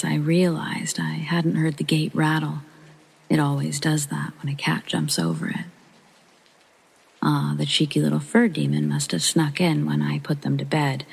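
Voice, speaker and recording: Gravelly, husky hushed sleep-story narrator. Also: medium pitch, poor audio. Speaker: storytelling channel host.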